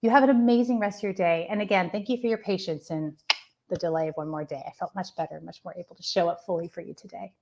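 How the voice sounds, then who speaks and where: A woman giving gentle, affectionate channeled readings on a live stream. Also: on the low side, steady tone, quick pace. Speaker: spiritual medium giving readings.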